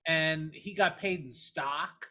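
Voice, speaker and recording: A man's voice: a little high, slow, sharp tone. A man co-hosting a podcast, chatting casually with rambling, joking asides and lots of fillers. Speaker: podcast co-host. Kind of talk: casual chat.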